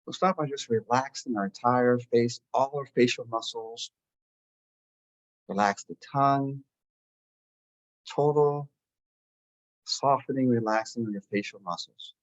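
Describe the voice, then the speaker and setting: A man guiding a listener through a calm breathing and relaxation meditation, giving slow, soothing instructions. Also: medium pitch, rough recording. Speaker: meditation guide. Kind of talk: guided meditation.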